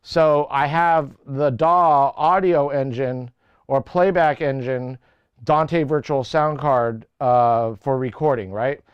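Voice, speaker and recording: A man's voice: medium pitch, steady tone, slow, clean tone, dry recording, highs cut off. A man hosting a casual livestream and talking through audio settings in his home music studio. He rambles and corrects himself as he thinks aloud on a lapel mic. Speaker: livestream host. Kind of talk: casual technical chat. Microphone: lavalier mic.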